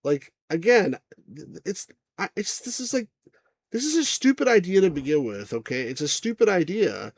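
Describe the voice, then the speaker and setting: Male game reviewer, sarcastic and exasperated, animated pitch, dry close recording. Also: normal speed, no echo. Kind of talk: casual game review commentary.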